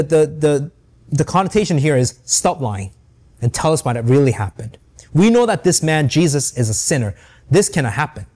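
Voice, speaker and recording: Male Bible teacher, slightly high voice, lively and animated, reads scripture and checks in with "right?". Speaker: preacher.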